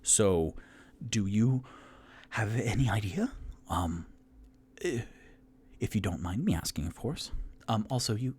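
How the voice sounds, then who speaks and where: A man's voice: fairly low pitch, expressive, unhurried, pauses often, a little mellow, husky. A man voicing a nervous, polite adventurer who stammers as he asks questions, in a solo tabletop game.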